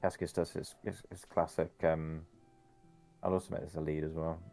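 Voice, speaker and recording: Male player, very low voice, casual and hesitant, faint music behind. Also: level tone, moderate pace, gravelly, warm tone. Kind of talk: casual tabletop play.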